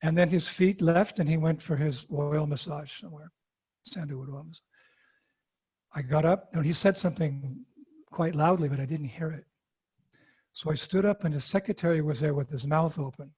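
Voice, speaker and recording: A man, a monk being interviewed, telling a personal story with animated acted-out quotes. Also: fairly high pitch, moderate pace, breathy edge.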